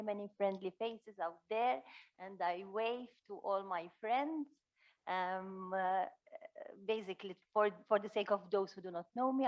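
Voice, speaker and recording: A woman chairing a conference session as moderator, formal and measured, with hesitant pauses. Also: fairly low pitch. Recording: dull lo-fi sound.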